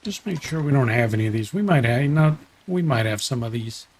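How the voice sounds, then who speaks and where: A man's voice: medium pitch, lively intonation, a little fast, darkish tone, a little hiss or hum. Chatty man streaming a game. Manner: chatty, thinking aloud and correcting himself. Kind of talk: casual gameplay commentary.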